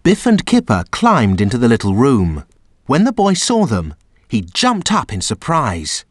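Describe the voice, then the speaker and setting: A man narrating a children's storybook aloud in an expressive, sing-song way. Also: mid-range voice, measured pace, dry recording, studio quality. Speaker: storybook reader.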